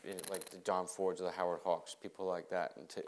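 A man moderating a panel who asks long questions quickly. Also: deep voice, level tone, slight background noise. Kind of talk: panel conversation.

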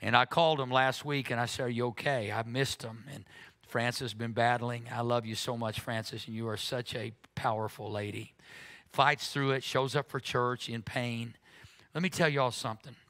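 A man's voice: medium pitch, fairly even intonation, moderate pace, fairly bright tone. A man preaching a sermon as pastor, earnest, often repeating words when he is moved. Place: church sanctuary.

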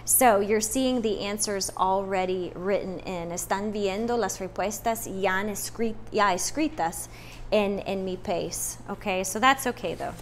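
A woman with a medium-pitched voice teaches a first-grade phonics lesson, repeating each step in English and then Spanish. She stretches words out slowly, with an emphatic "no" and drawn-out vowel sounds, and there's a little hiss or hum in the recording.

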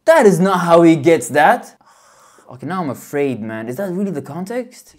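A woman hosting a reaction video, talking casually in an excitable, slangy way and laughing often. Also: fairly low pitch, normal speed.

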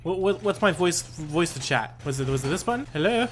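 A young man doing let's-play commentary, excitable and swearing, yelping and laughing at himself as he plays. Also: on the high side, brisk. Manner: excitable, swearing, yelps and self-mocking laughs. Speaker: gaming YouTuber.

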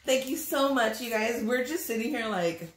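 A woman's voice: fairly high pitch, animated, moderate pace, a little hiss or hum. A woman hosting a mukbang, chatting casually and giggling while she eats, sitting on a couch indoors. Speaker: mukbang host. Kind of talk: casual chat while eating. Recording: echoey room.

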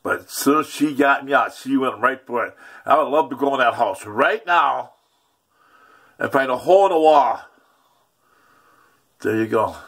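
A man's voice: mid-range voice, animated, normal speed, long pauses, a bit bright, slightly rough. A man vlogging an angry rant, agitated, profane and repetitive.

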